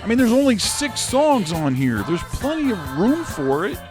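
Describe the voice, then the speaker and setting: Man, comedic movie-rant host, sarcastic grumbling, lively pitch, slightly high voice. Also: normal speed, music in the background. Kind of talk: comedic ranting review.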